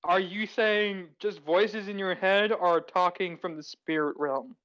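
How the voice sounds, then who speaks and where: A man playing a tabletop game, speaking in a calm, measured and formal way as his character. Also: high voice, dull audio. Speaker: player. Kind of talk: in-character tabletop role-play.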